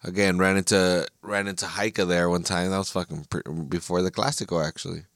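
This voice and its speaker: A lower-voiced American man talks alone into the mic as a podcast host. He rants with frustration, swears constantly and trips over his own restarts. The sound is dry and close, with no room around it. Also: little pitch movement, a little fast, a bit bright, no echo. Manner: profane, frustrated, ranting with frequent restarts. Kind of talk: solo casual podcast rant.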